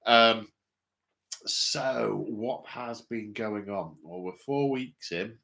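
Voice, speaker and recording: A man's voice: on the low side, very slow, vocal fry, sharp tone. A man hosting a casual hobby livestream, rambling and self-mocking with lots of fillers. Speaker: hobby channel host.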